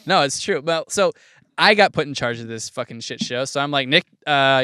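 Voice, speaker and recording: A man's voice: mid-range voice, normal speed, clear, resonant tone, dry recording, clean studio sound. A man co-hosting a podcast who tells stories with lots of swearing and acts out the people he quotes. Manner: animated storyteller, profane, mimics people he quotes. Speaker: podcast co-host. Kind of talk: casual chat.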